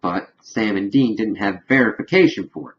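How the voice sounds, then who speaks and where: Low-voiced man recapping an episode. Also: moderate pace, highs cut off, a little hiss or hum. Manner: rambling retelling full of "of course" and "kind of". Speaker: TV episode reviewer.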